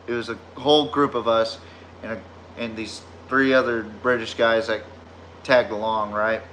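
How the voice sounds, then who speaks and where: A man's voice: lowish voice, fairly even intonation, normal speed, a bit bright, slight background noise. A man with a Southern US drawl hosting a casual sports podcast, telling rambling, profane stories. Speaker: podcast host.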